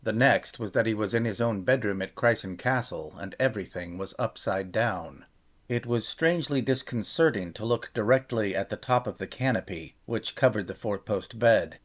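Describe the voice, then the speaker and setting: A man narrating a fantasy novel chapter in a measured, steady storytelling voice. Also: on the low side. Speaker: audiobook narrator. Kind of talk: scripted fantasy audiobook narration.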